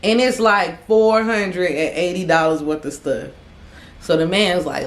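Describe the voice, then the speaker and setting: A woman's voice: mid-range voice, expressive, normal speed, fairly bright tone, reverberant. A young adult woman vlogger telling a dramatic story, acting out the quotes. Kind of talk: storytime vlog.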